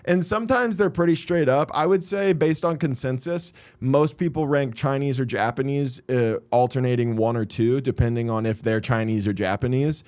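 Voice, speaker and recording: A man's voice: mid-range voice, moderate pace, hardly any pauses, a little mellow, no room sound. Man telling rambling comedy stories. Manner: rambling anecdotal storytelling. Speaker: comedian and podcast host. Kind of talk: casual podcast chat.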